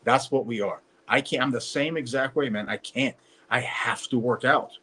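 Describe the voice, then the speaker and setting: A man's voice: mid-range voice, moderate pace, pushed and bright, slight background noise. A man co-hosting a casual podcast chat, speaking emphatically and preaching about working out. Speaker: podcast co-host.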